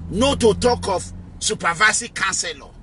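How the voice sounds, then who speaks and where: High, bright-voiced Nigerian man rallying. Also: normal speed. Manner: emphatic, repetitive, rallying. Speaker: political activist host. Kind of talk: live-stream political talk.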